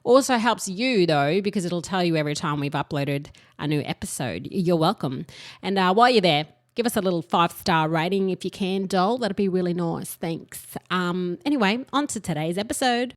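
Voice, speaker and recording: A woman co-hosting a casual podcast, husky and hoarse from being sick, bantering bluntly. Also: fairly low pitch, expressive, moderate pace, dry recording, clean studio sound. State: hoarse from illness. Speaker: podcast co-host. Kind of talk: casual chat.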